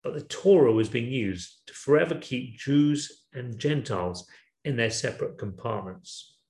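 A man giving a sermon in a measured, thoughtful way, asking rhetorical questions. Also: mid-range voice, animated, a little mellow. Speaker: preacher. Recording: echoey room.

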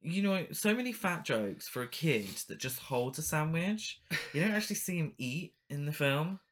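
Co-host with dry teasing quips, lively swooping pitch. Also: normal speed. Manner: dry, wry teasing remarks. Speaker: podcast co-host. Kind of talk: casual chat reviewing a film.

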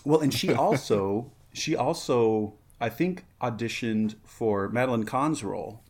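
A man's voice: medium pitch, a little slow, darkish tone. A man co-hosting a casual podcast, rambling and laughing often, a bit tipsy from a drink. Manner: rambling, laughs often, quotes film lines. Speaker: podcast co-host. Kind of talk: casual movie-watching chat.

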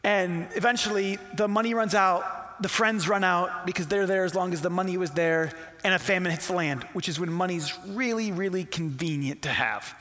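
A man's voice: sits high, moderate pace, bright, forceful tone, a little hiss or hum. A man, a pastor, telling a Bible story in a casual, playful sermon that acts out the characters. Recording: long hall reverb.

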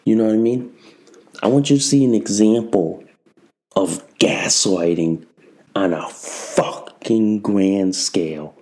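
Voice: low voice, slow pace, mellow. A show host delivering an angry, profane political commentary monologue, repeating lines as they rant. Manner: profane, ranting, repetitive. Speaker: podcast host.

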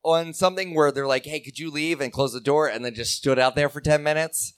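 A man's voice: on the high side, fairly even intonation, brisk, clean tone, no echo, studio quality. A man co-hosting a podcast, chatting casually in a playful, joking way. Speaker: podcast co-host. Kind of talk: casual chat.

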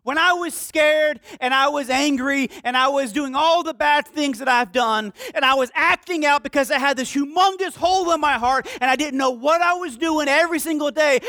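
High-voiced man preaching with passion. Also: no echo, studio quality. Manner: impassioned preaching, swinging from shouts to hushed pleas. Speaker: pastor. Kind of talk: sermon.

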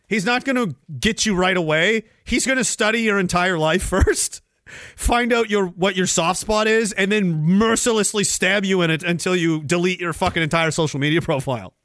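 A man's voice: sits high, moderate pace, fairly bright tone, no room sound, studio quality. A man from Canada hosting a casual, profane livestream, joking crudely, laughing often and reading out chat messages.

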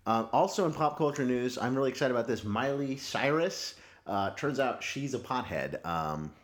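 A man's voice: mid-range voice, expressive, moderate pace. A man co-hosting a casual chat podcast, laid-back and cracking dry jokes. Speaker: podcast co-host.

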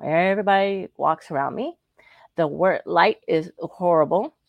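A woman with a lower, dry voice co-hosts a talk show. She tells a personal story in a chatty, animated way and slips into the voices of the people she quotes. The recording is close and free of room sound. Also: measured pace, gravelly, no echo, highs cut off. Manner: chatty and animated, acting out what others said. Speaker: co-host.

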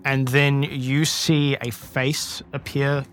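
A man running a tabletop game, narrating in a measured, descriptive way. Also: medium pitch, little pitch movement, faint music behind. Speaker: game master.

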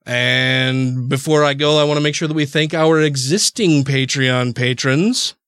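A man's voice: medium pitch, unhurried, fairly bright tone, clear, resonant tone, no room sound, studio quality. A man hosting a podcast, chatting casually, laughing often and swearing freely. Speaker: podcast host.

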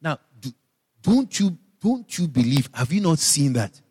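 Guyanese preacher guy, high voice that jumps all over, kinda husky, long echo. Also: very animated, unhurried. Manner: emphatic, swings from low asides to high shouted repetitions. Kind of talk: sermon.

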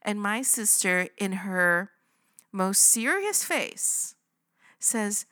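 Animated chatty woman storyteller. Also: mid-range voice, drawn-out words. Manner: animated, chatty, keeps checking in with "right?" and "okay?". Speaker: podcast host. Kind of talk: casual storytelling.

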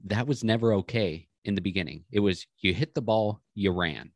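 A man's voice: lowish voice, moderate pace, dry recording, studio quality. A man co-hosting a podcast, telling stories in casual chat with many restarts. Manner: rambling storyteller, many restarts. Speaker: podcast co-host.

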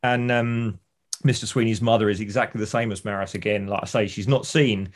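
A podcast co-host with a lowish voice talks fairly quickly in a fairly even intonation. In casual conversation he relives TV scenes with enthusiasm, performing them as he goes.

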